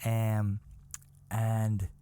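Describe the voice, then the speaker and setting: A man's voice: fairly low pitch, very slow, clear, resonant tone, no room sound. Profane rambling man telling a story. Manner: profane, rambling and animated, acts out his own panic. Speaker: podcast host. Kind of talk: comedic storytelling monologue.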